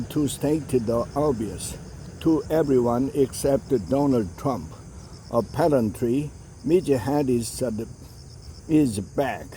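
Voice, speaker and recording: Slow, very dark-voiced man reading. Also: medium pitch, slight background noise. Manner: measured reading with occasional filler hesitations. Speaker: reader of an opinion essay. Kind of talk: reading an essay aloud.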